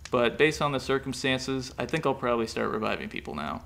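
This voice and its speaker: A man's voice: mid-range voice, sing-song, a little fast, creaky, fairly bright tone, slight background noise. A man reading a story aloud, voicing a nonchalant young man who speaks in an offhand, shrugging way.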